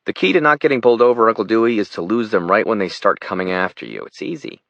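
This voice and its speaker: A man's voice: fairly low pitch, expressive, quick pace, creaky, fairly bright tone, no echo, lo-fi sound, pitched above the performer's own voice. A man voicing a cocky, reckless fourteen-year-old boy in an audiobook. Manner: breezy and boastful.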